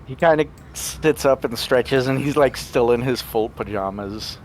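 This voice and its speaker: A man's voice: mid-range voice, unhurried, slight background noise. A man playing a tabletop game, describing his character with many hesitant restarts. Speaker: tabletop player.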